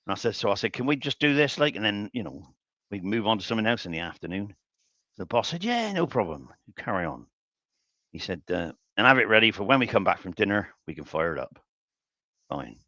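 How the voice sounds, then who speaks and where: An older man with a voice on the low side, very animated, a little fast and sharp in tone, hosts a live woodturning stream from his home workshop. He rambles through workshop anecdotes while working, chuckling and restarting often. The stream audio is dull and lo-fi, with no echo.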